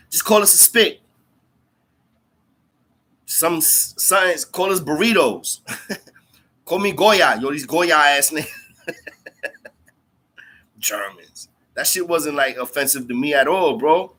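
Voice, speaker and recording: A man's voice: a little high, lively intonation, measured pace, long pauses, pushed and bright. A man hosting a livestream, telling a story in casual street slang, cursing freely, repeating lines for emphasis and calling listeners bro and twin. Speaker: livestream host talking to viewers.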